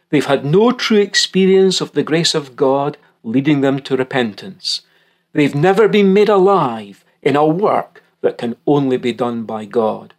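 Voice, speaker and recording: A male Bible teacher and broadcaster delivers a recorded teaching talk, measured and earnest, leaning hard on key words. His voice carries a gravelly texture. His pitch moves freely as he reads scripture and explains it. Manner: reads scripture passages aloud.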